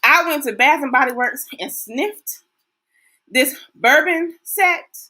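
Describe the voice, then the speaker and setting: Middle-aged woman, show host, folksy and chatty, slow and bright-toned. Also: sits high, lively intonation. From Texas. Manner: chatty, folksy, talks to viewers directly. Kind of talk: casual livestream chat.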